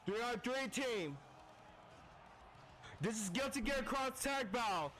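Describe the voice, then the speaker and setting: A man streaming a live watch-along, reacting with shouted bursts of disbelief. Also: very high-pitched, animated, slow pace, noisy background. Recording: loud stream music underneath.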